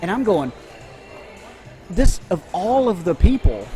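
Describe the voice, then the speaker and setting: Guy in his 30s rambling thru a story on a podcast, kinda high voice, little music under it. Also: sing-song, a little slow, mellow. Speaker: podcast co-host. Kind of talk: casual chat.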